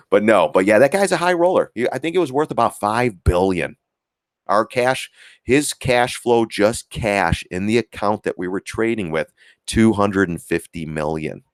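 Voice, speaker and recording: A man's voice: deep voice, no echo, clean studio sound. A man hosting a trading livestream in casual, rambling chat, heavy on filler words and repeats. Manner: acts out quoted voices, chuckles often. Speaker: stock trading livestream host.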